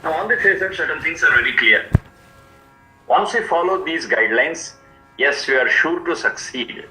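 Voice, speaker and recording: A man teaching a scripture, explaining each word slowly and repeating its meanings. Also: on the high side, lively intonation, echoey room, music in the background, poor audio. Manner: slow, repetitive word-by-word explanation. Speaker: Vedic teacher. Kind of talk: explanatory lecture.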